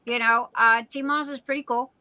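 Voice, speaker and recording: A woman's voice: fairly high pitch, steady tone, moderate pace, pushed and bright, dry recording, poor audio. A woman hosting a casual livestream, reading out viewer comments in a silly, chatty way. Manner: chatty and silly, self-described class clown. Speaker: livestream host.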